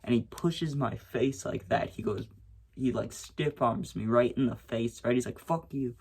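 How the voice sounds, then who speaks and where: A young man tells a story in a loose, rambling way, checking in with "right?" after nearly every point. His voice is gravelly with a husky edge at an ordinary pitch. He swears casually and raises his voice when he acts out what was said. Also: steady tone, unhurried. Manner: rambling, frequent "right?" and "you know what I'm saying"; swears freely, acts out shouted quotes.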